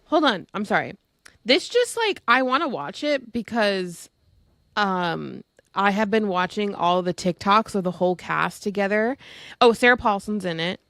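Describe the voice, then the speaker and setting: A woman's voice: medium pitch, lively intonation, fairly bright tone, no echo. Rambling woman podcast co-host, dry sound. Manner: rambling, many ums and restarts, breaks into quick bursts. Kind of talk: casual chat.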